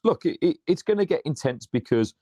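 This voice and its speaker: A man co-hosting a casual football podcast, excitable, swearing freely and repeating himself as he talks. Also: fairly high pitch, a little fast, no echo, clean studio sound. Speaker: podcast co-host.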